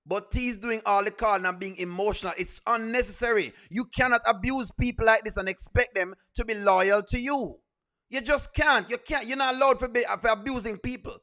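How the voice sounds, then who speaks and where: A man commenting on a comedy skit in a reaction video. His voice sits high and sounds bright and forceful. He scolds emphatically and repeats himself for effect. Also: brisk.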